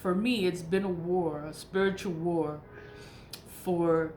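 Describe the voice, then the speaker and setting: A woman talking casually and frankly about her spiritual practices, emphatic and quick to laugh. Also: on the low side, steady tone, a little mellow. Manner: frank, emphatic, laughs often and swears in asides. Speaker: spiritual vlogger. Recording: echoey room with faint noise.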